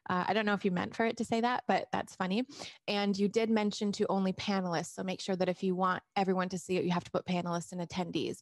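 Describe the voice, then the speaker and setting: A woman's voice: medium pitch, no room sound, studio quality. Chatty woman coaching her viewers. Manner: chatty, restarts sentences, reads out viewer comments. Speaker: vlogger and weight loss coach. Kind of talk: casual live-stream talk to viewers. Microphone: camera mic.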